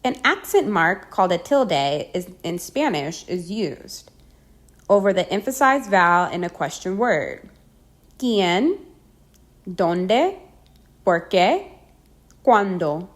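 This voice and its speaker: Slow, careful woman teaching pronunciation. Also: medium pitch, sing-song. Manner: slow, careful, spells out sounds and repeats example words. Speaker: language teacher. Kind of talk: pronunciation lesson.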